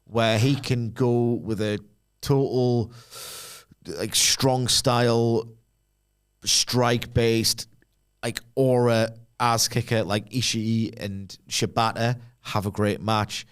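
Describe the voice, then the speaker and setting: A man talking casually as co-host of a podcast. He rambles through his points, throwing in jokes and quick asides. His voice sits at an ordinary middle pitch. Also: steady tone, smooth. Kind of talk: casual chat.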